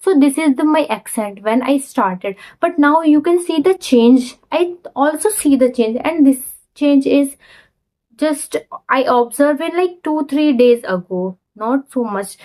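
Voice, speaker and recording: A woman's voice: high voice, expressive, takes it slowly, mellow, poor audio. A young woman with an Indian accent, a Hindi speaker, talking to her phone camera in learner English, earnest and restarting her sentences often. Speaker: vlogger. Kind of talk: casual talk to camera.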